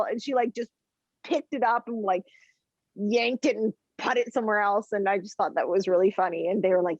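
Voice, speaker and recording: Woman podcast guest, chatty, rambling storyteller, laughs often, mid-pitched voice, dry and dull recording. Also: steady tone, fairly quick, a little mellow, no echo. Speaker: podcast guest, chef and food journalist. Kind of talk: casual podcast chat.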